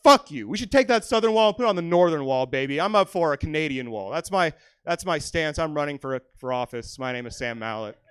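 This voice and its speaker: A young man doing a stand-up set in a small comedy theater, brash and profane, swinging between loud rants and muttered asides. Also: on the high side, lively intonation, quick pace, few pauses, clear, resonant tone, dry recording. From California. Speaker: stand-up comic.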